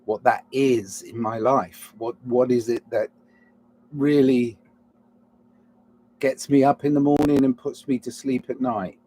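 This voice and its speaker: A man's voice: mid-range voice, steady tone, a little slow, pauses often, mellow. A man giving a rambling, reflective solo monologue, often restarting mid-thought, flaring up and then apologizing with self-mocking asides. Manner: digressive, restarts mid-thought, swings between musing and heated outbursts. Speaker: solo podcaster.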